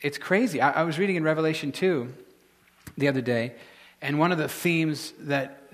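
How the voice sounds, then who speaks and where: Halting, conversational male preacher. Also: on the high side. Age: adult, married. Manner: conversational, halting with many restarts. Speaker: pastor. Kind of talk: sermon.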